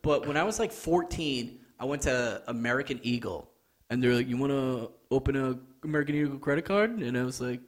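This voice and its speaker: A man's voice: medium pitch, a little fast. A young man co-hosting a podcast, laid-back and teasing, laughing often. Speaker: podcast co-host. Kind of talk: casual chat.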